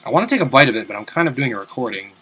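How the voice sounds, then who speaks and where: Young male gamer, bright voice, rambling casual commentary with loud swearing outbursts. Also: mid-range voice, very animated, racing, slight background noise. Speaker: let's play commentator. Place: home room at his desk.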